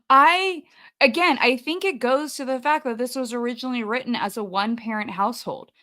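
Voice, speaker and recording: A young adult woman co-hosting a casual podcast chat, enthusiastic and quick to laugh. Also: on the high side, bright, forceful tone. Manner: chatty, laughs often, enthusiastic. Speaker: podcast co-host.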